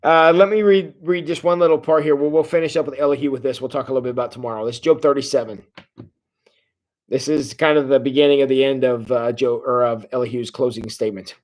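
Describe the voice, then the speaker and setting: Talking at a quick pace in a medium-pitched voice, this man in his forties hosts a laid-back Bible study over a livestream setup. He's folksy and conversational, with plenty of filler sounds.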